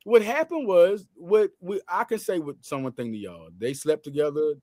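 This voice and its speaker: A man hosting a casual sports talk show, talking in loose slang with lots of quick restarts. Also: sits high, sing-song, no echo, clean studio sound.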